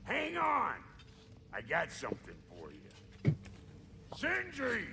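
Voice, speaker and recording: An actor playing a gruff, grudging male dwarf smith in a video game. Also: very high-pitched, huge pitch swings, takes it slowly, exaggerated voice. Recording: noisy game audio with long reverb.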